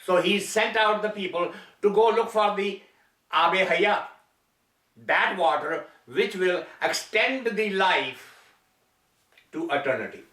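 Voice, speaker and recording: A man delivering a spiritual talk, telling a parable slowly and deliberately with long pauses. His voice sits high for a man and rings bright. The sound is echoey and set back from the mic. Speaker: spiritual teacher. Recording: echoey room from far off.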